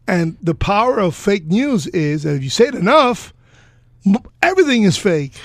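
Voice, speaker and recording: An older man co-hosting a political chat, arguing sarcastically and pausing with "uh" as he searches for names. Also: sits high, big pitch swings, dry recording. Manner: argumentative, sarcastic, with halting "uh" pauses. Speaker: podcast co-host.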